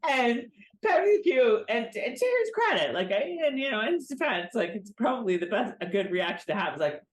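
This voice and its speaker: Animated woman recapping a TV episode. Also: a little high, fairly quick. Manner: animated, acts out characters in mocking voices. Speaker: podcast co-host. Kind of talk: casual recap chat.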